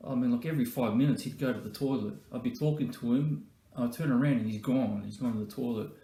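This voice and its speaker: A man's voice: mid-range voice, quick pace, mellow. A man, a former colleague, telling joking stories in a birthday tribute. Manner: joking, anecdotal, with fillers. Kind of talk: comic storytelling tribute. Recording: roomy echo.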